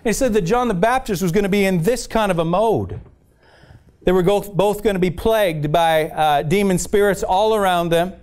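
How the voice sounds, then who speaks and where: This pastor's voice is high with a darkish tone, moving at normal speed. Preaching a sermon at a church service, he tells scripture as a story with frequent restarts and repeatedly asks the congregation "amen?" for a response.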